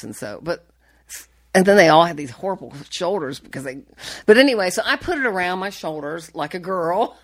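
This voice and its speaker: Interview guest: low-pitched woman, chatty and animated, dry close sound. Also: creaky, no room sound. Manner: animated, laughing, rambling with restarts. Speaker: banjo player, interview guest. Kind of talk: casual storytelling.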